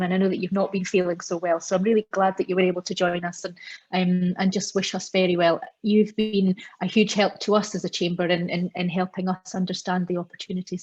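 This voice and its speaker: A woman's voice: fairly low pitch, a little mellow, highs cut off. A woman hosting a business webinar, chatty, with lots of ums and restarts as she introduces speakers. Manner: chatty, many fillers and restarts. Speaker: chamber of commerce host.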